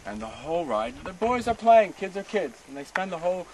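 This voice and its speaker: A man's voice: high voice, very animated, brisk, a little hiss or hum, low-quality recording. A man giving a passionate history talk outdoors, often asking his listeners rhetorical questions. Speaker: history teacher. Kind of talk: guided tour talk. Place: outdoors at a memorial site.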